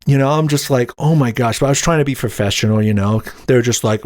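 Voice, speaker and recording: Animated man telling a story, dry sound. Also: mid-range voice, fast talker, few pauses, no echo. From Utah. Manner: animated, acts out quotes in raised voice. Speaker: podcast host. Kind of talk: casual storytelling monologue.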